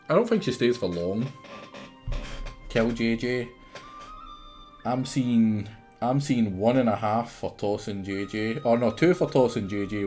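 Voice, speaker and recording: A man's voice: lowish voice, darkish tone. A Scottish man streaming a game live, chatting and teasing his viewers in a casual, chatty way.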